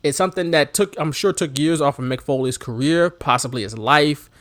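A man co-hosting a casual wrestling chat, animated, laughing often and shouting out imitations of commentators. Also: on the high side, brisk, dry recording. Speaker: podcast co-host.

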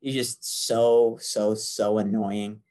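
A man's voice: lowish voice, flat delivery, takes it slowly, dark tone. Chatty man sharing film trivia. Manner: enthusiastic, chatty, shares trivia. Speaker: podcast co-host discussing a film. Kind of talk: casual conversation.

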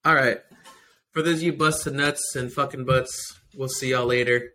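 A man's voice: mid-range voice, steady tone, moderate pace, sharp tone, slight background noise, low-quality recording. A man co-hosting a casual podcast, his voice sitting in the middle of the range. He jokes around freely and swears often, keeping the chat loose and crude. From Mexican-American. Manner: loose, profane, joking. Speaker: podcast co-host.

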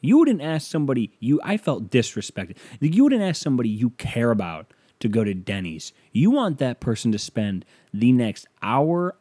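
A man hosting a solo podcast, ranting casually and profanely with loud exasperated outbursts, tired and yawning. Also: lowish voice. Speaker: podcast host.

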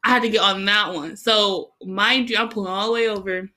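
A young woman casually telling a story, animated and laughing often as she acts out her own reactions, with lots of "like" and "bro". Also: medium pitch, a little fast. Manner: heavy use of "like" and "bro".

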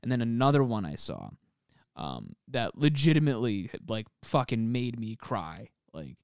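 Young male podcast co-host, rambling and profane, smooth voice, dry mic. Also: medium pitch, sing-song, normal speed, darkish tone, no room sound. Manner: rambling, filler-heavy, swears often. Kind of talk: casual chat.

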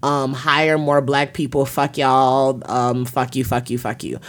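A woman's voice: extremely low pitch, flat delivery, measured pace. A woman hosting a podcast, ranting bluntly with plenty of profanity. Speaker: podcast host. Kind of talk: profane comedic rant.

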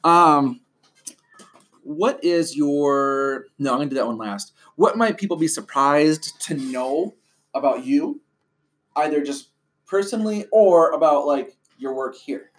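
A man's voice: a little high, measured pace. A man hosting a casual interview, chatty and playful, laughing easily. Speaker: host.

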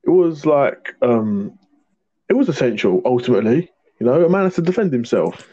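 A man's voice: mid-range voice, big pitch swings, moderate pace, warm tone, no echo, muffled recording. A young man co-hosting a casual podcast, jokey and swearing, often restarting his words. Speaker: podcast co-host. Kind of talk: casual chat.

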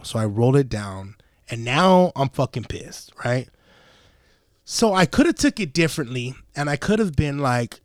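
A young adult man hosting a podcast, telling a story in casual, profane chat and acting out the quotes with lively energy. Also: medium pitch, dry recording, clean studio sound. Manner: profane, animated, acts out quotes. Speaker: podcast host.

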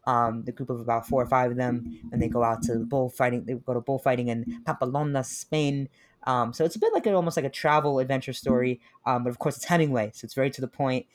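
A young man from New talks about books in a loose, joking way. He gets animated and laughs often as he goes. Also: mid-range voice, fast talker. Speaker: podcast co-host. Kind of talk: casual chat about books.

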